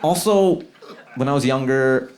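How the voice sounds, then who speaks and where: A man doing a loose, chatty stand-up set on a comedy club stage, acting out characters in high squeaky voices and laughing at his own bits. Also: a little slow, background noise. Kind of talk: stand-up set trying new material. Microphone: handheld stage mic. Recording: live club with loud crowd laughter.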